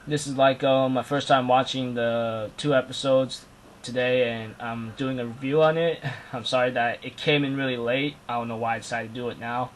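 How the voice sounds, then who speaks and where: A man's voice: medium pitch, fairly even intonation, moderate pace, a little hiss or hum, rough recording. A man talking through an anime review in a loose, unscripted way. He rambles and restarts, with constant fillers and casual slang.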